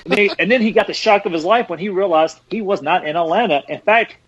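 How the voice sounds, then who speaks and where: A man hosting a podcast, telling stories in casual chat with animated bursts and laughs mid-sentence. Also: high-pitched, fast, slightly rough, no echo. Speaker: podcast host. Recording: dull lo-fi dry sound.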